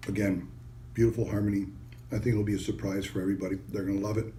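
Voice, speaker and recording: Low-voiced man presenting a wine tasting. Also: flat delivery, rapid-fire, noisy background. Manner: enthusiastic, casual sales pitch with frequent praise. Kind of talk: product tasting demonstration.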